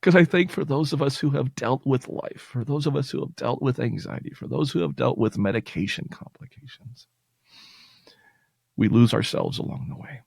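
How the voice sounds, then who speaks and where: A man's voice: mid-range voice, normal speed, vocal fry, a little mellow, husky, dry recording, studio quality. A male podcast host talking earnestly and reassuringly to his listeners, at times getting emotional. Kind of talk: heartfelt personal talk to listeners.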